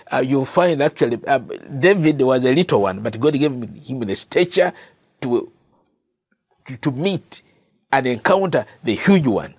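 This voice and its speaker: Man, Ugandan English accent, preacher, earnest sermon delivery, animated pitch, dry close sound. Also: no room sound. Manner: earnest, repeats phrases for emphasis; addresses listeners as brother and sister. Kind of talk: Bible teaching sermon.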